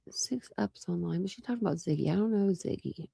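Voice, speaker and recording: A woman's voice: fairly low pitch, fast, vocal fry, dark tone, breathy edge, no room sound, clean studio sound. A woman hosting a true crime livestream, chatting casually with viewers in a rambling way. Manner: rambling and chatty, with many fillers and restarts.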